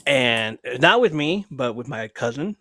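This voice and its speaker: A man hosting a live podcast in loose, profane storytelling mode, swinging between hushed asides and louder bursts as he reads comments from the chat. His voice sits at an everyday male pitch, and the sound is close and dry with no room around it. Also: unhurried, no room sound. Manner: profane, animated retelling of family stories. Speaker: podcast host.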